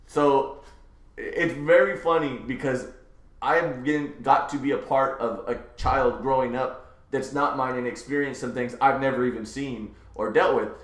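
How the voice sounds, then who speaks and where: Animated, laughing male podcast host. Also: mid-range voice, measured pace, roomy sound. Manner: animated storyteller, laughs often. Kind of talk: casual storytelling chat.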